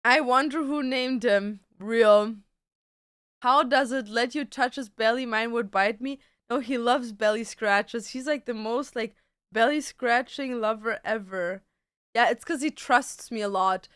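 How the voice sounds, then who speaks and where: A woman streamer talks casually and swears freely while reading out viewers' questions. Her voice sits a little high and sounds smooth. The recording is close and dry, with no room echo. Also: measured pace, fairly bright tone. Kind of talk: casual live-stream chat. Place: at home with a cat on her lap.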